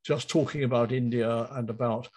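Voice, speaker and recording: A man's voice: mid-range voice, steady tone, normal speed, a little mellow, poor audio. A man, a writer and podcast guest, speaking thoughtfully and repeating key phrases. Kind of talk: interview conversation.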